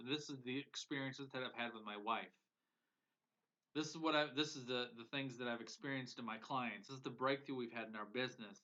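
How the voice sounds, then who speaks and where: A business coach leads live-streamed motivational coaching in a bright, forceful, mid-range voice. He addresses viewers earnestly and emotionally, leaning on repeated phrases for emphasis, though the lo-fi audio comes across dull.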